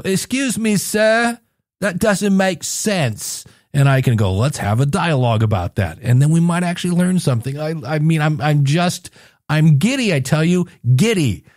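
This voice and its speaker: A man's voice: a little high, a little mellow, no echo, studio quality. A man hosting his own podcast, chatty and jokey, acting out little scenes as he talks. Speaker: podcast host. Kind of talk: solo podcast talk.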